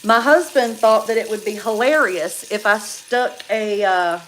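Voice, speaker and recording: A woman, chatting casually and animatedly on a livestream, quick to laugh. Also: mid-range voice, a little hiss or hum. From North Carolina.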